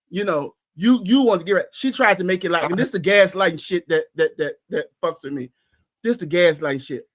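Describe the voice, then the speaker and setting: A man's voice: on the high side, a little fast, fairly bright tone. A man co-hosting a podcast in casual chat, ranting heatedly and profanely with emphatic repetition. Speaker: podcast co-host.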